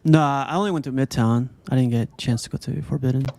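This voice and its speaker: A man hosting a casual livestream video chat, relaxed and laughing often, talking through a call mic. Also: mid-range voice, fast, creaky. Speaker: livestream host.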